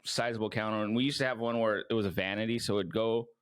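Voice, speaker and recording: A man's voice: lowish voice, fairly even intonation, fast, smooth. A man co-hosting a podcast in casual chat, loose and agreeable, with many "yeah, no" and "like" fillers. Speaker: podcast co-host.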